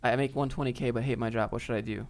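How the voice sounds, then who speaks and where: A man's voice: medium pitch, steady tone, fast, creaky. A man hosting a casual live stream and answering viewer chat in a laid-back, joking, off-the-cuff way.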